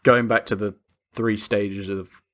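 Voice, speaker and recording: A man's voice: on the low side, flat delivery, a little slow, fairly bright tone. A man co-hosting a film podcast, loose and sweary, laughing and quoting characters as he talks. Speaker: podcast co-host. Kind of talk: casual film-review chat.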